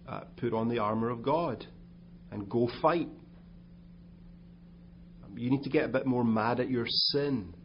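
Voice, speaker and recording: Gravelly-voiced man preaching. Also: medium pitch, highs cut off, slight background noise. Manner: conversational, with asides and restarts. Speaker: pastor. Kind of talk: sermon talk.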